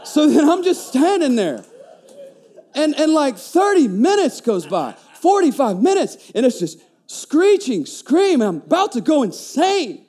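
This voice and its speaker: A man, preaching a conversational sermon, telling stories with lively stammering restarts. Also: very high-pitched, unhurried. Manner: animated storytelling, stammering restarts. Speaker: pastor.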